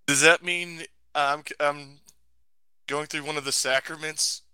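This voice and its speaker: A man's voice: on the high side, steady tone, unhurried, pushed and bright, smooth, dry recording. A man co-hosting a podcast, trading wry sarcastic quips in casual banter. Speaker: podcast co-host.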